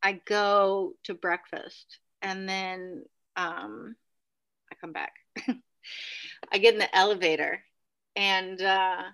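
A woman telling a ghost story in casual chat, full of "like" and "right?", acting out what people said in sudden high bursts. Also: takes it slowly, creaky, pauses often, clean tone. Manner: animated, acts out quotes with sudden high bursts; many fillers like "like" and "right?". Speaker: podcast guest.

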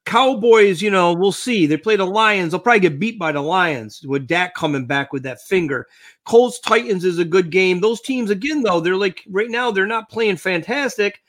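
A man's voice: sits high, expressive, normal speed, a bit bright. A man co-hosting a casual sports talk show, rambling through lists of teams and trailing off mid-thought.

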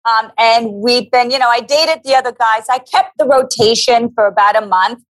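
A middle-aged woman spins a long personal story in relaxed conversation. Her voice sits a little high, and she slips into quick, animated impressions of the people she quotes. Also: poor audio. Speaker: guest. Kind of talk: casual storytelling.

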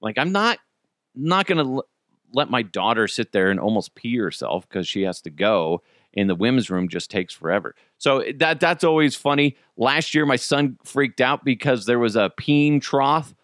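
A man hosting a podcast in casual chat, animated and profane, jumping into other people's voices. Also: medium pitch, moderate pace, no echo, studio quality. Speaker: podcast host.

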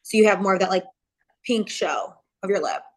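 A woman's voice: medium pitch, fairly quick. A woman who works as a cosmetic injector, explaining things casually and hedging with lots of fillers on a podcast.

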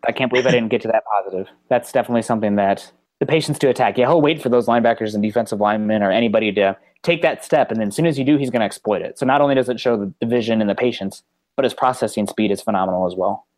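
A man's voice: fairly low pitch, very fast, darkish tone, no room sound. A man appearing as a guest draft analyst on a casual podcast, giving assured analysis with some fillers. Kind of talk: casual sports podcast chat.

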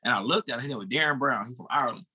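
A former sprinter, an American in his thirties, speaks very fast in a mid-range voice about a race, with slight background noise present. He's animated and casual, swearing and calling the host bro.

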